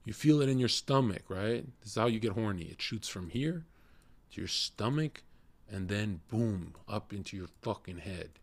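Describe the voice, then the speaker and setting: A man's voice: on the low side, animated, moderate pace, no room sound. A man streaming to his chat, lecturing in a brash, heated and profane rant.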